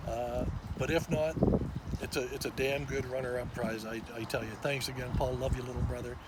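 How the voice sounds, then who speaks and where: Fifty-year-old man over loud outdoor noise. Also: medium pitch, fairly quick. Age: 50s. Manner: excitable, animated, with small restarts and laughs. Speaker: vlogger. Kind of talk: casual storytelling to camera. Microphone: phone on a selfie stick.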